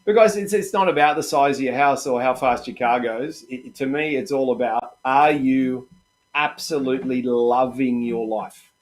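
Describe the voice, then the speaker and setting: A middle-aged man with an Australian accent leads a live trading-room stream in a relaxed, chatty way. He keeps encouraging his viewers and calls them mate and guys. His voice sits at an average pitch for a man. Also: normal speed.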